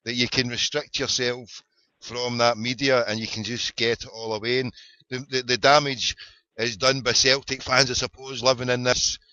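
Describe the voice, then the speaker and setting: A man's voice: mid-range voice, level tone, normal speed, sharp tone, no echo. A middle-aged Glaswegian man hosting an internet radio show, chatting casually, rambling, swearing and repeating his words. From Scotland. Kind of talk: casual phone-in chat. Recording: dull lo-fi audio.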